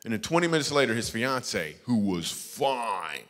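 A man doing stand-up storytelling as a guest comedian, lively, acting out the voices of people in his stories. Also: medium pitch, unhurried. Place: church stage before a live audience. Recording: echoey church hall.

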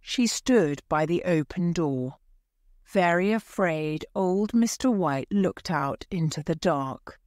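A woman reads a story aloud very slowly and clearly for English learners. Her pitch sits low but moves in lively swings, and the sound is dry and close to the mic. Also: dry recording. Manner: clear, deliberate.

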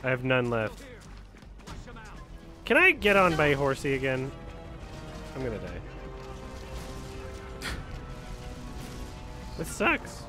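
A man playing a video game on stream, chatting casually, animated and swearing, muttering at times and shouting at others. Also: medium pitch, slow pace, pauses often, over music. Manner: animated, swears and laughs, swings between mutters and outbursts. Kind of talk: casual gaming stream chat.

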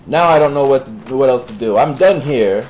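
A man's voice: medium pitch, lively intonation, normal speed, a little mellow, slight background noise, rough recording. Profane, sarcastic man playing a game. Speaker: gaming commentator. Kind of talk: Let's Play commentary.

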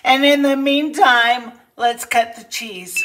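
Slow-talking playful woman cooking. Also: high-pitched, roomy sound. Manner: playful, self-described silly, chatty asides to viewers. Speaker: cooking vlogger. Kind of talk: casual cooking demonstration. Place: cabin kitchen.

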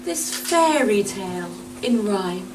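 A woman's voice: mid-range voice, animated, takes it slowly. A woman playing a gleeful, mocking female villain in a stage pantomime, with a taunting, cackling manner. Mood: gloating. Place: theatre stage. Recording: distant stage mic with music.

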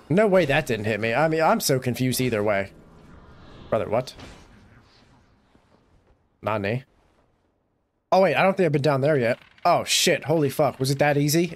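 A man's voice: medium pitch, a little hiss or hum. Young man raging over a video game. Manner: swearing, frustrated outbursts and shouting. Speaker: gaming YouTuber. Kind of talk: gameplay commentary.

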